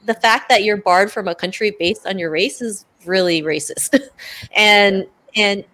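A woman's voice: mid-range voice, unhurried, a bit bright. Woman on a podcast as the guest, earnest and chatty, lots of "like" and "you know", voice right in the middle. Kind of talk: casual interview conversation.

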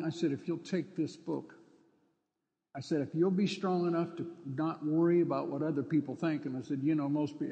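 A man preaching a sermon, telling stories and acting out dialogue with sudden loud outbursts. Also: fairly high pitch, big-room sound, dull audio. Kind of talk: sermon with storytelling.

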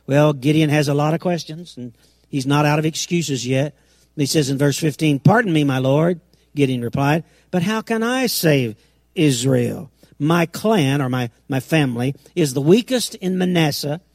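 A middle-aged man preaching a sermon, emphatic, with dramatic swings in loudness and acted-out quotes. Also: fairly high pitch, normal speed, no echo, studio quality.

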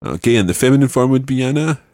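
A male language teacher leading a spoken lesson, patiently modelling words slowly and clearly. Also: mid-range voice, expressive, warm tone, dry recording, studio quality.

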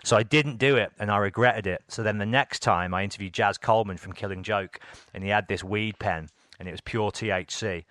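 Bright-voiced English man telling stories. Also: on the low side, a little fast, dry recording. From England. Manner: animated, laughs often, acts out quotes. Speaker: podcast host and music interviewer. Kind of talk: casual storytelling chat.

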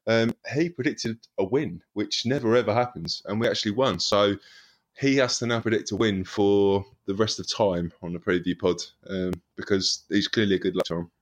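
A man's voice: on the low side, normal speed. A man, a podcast panelist chatting casually with dry humour. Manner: laid-back, dry humour. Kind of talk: casual chat.

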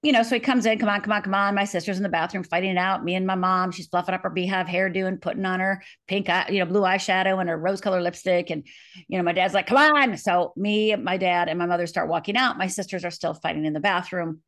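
A woman's voice: on the low side, fairly even intonation, quick pace. A middle-aged woman from Upper Michigan, an author interviewed as a guest, retelling her past earnestly and vividly, acting out the quotes. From Upper Michigan, USA. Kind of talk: interview, personal storytelling.

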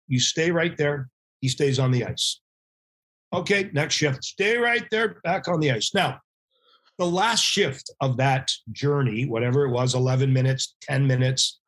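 A middle-aged man, a former hockey goalie, telling animated anecdotes as a podcast guest and acting out quoted voices. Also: medium pitch. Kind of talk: casual storytelling interview.

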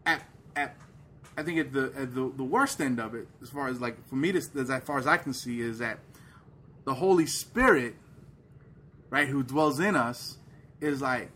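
A man co-hosts a casual faith podcast with a faint hiss in the background. He talks in an animated, filler-heavy way and slips into playful voices to act out what others say. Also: medium pitch, a little slow. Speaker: podcast co-host.

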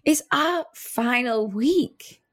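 A woman's voice: fairly high pitch, expressive, drawn-out words, a bit bright. A woman co-hosting a casual chat, giggly and self-mocking. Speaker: podcast co-host.

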